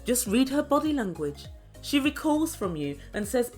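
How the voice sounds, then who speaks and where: High-voiced sarcastic woman reviewer. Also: very animated, moderate pace, darkish tone, faint music behind. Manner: sarcastic, opinionated, addresses viewers directly. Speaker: reality TV reviewer. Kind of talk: chatty commentary recap.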